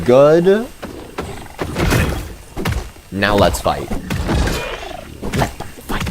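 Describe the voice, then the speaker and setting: A male streamer commentates his gameplay live and reacts loudly and excitably, swearing freely. He talks at a very slow, drawn-out pace, but his pitch swings widely. There is faint background noise. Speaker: game streamer.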